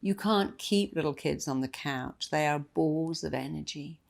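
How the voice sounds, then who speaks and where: A woman's voice: low-pitched, unhurried, gravelly. A woman giving a motivational talk, emphatic and repeating key phrases for effect. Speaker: motivational speaker.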